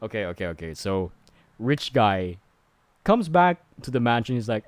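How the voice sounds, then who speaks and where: A man's voice: fairly low pitch, big pitch swings, normal speed, no room sound. Rambling, exasperated streamer man. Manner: rambling, filler-heavy, exasperated. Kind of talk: casual movie recap.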